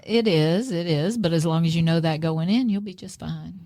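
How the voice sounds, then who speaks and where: Teasing low-voiced woman podcaster. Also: mellow, dry recording, studio quality. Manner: quick, teasing interjections. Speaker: podcast co-host. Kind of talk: casual political chat.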